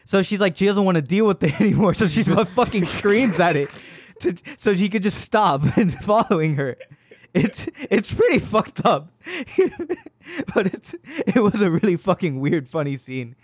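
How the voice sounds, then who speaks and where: This young man co-hosts a podcast and rambles through a movie recap in casual conversation, swearing and laughing mid-sentence. His voice sits high and swings widely in pitch, at a normal speed with no echo.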